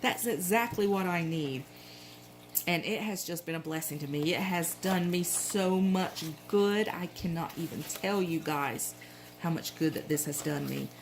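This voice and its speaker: A middle-aged woman with a Southern accent talks in a low, easygoing voice. She chats and rambles, often stopping to correct herself mid-sentence. A faint hum sits underneath the recording. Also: normal speed, poor audio. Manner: chatty, rambling, frequent self-corrections. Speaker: planner vlogger. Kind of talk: casual show-and-tell chat.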